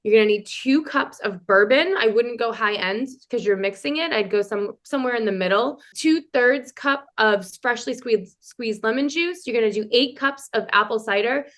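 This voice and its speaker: A woman's voice: a little high, normal speed, few pauses, a bit bright. A woman co-hosting a podcast while she is sick, chatting casually with lots of laughter and rambling side stories. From New England. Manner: giggly, chatty, rambling asides. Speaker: podcast co-host. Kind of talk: casual chat.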